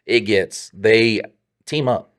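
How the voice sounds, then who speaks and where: Man, podcast co-host, lowish voice, blunt, swears a lot, joking. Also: slow. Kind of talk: casual podcast chat.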